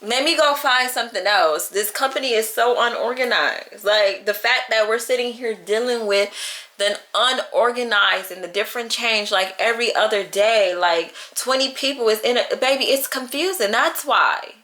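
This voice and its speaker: Woman, vlog chat, animated venting, bright tone, echoey room, faint noise. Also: on the high side, moderate pace. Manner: animated, venting with lots of "baby" and "like". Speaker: vlogger. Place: at home.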